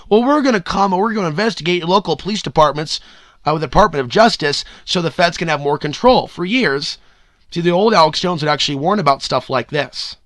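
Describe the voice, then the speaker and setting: Bright, ranting podcast host, man. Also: on the high side, no echo, studio quality. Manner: loose and ranting, swears, bursts into loud whoops. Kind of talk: solo podcast commentary.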